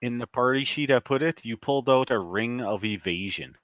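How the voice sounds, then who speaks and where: A man's voice: medium pitch, a little fast, no echo, highs cut off. A man running a tabletop game as game master, narrating scenes in a casual, loose way with the odd swear word.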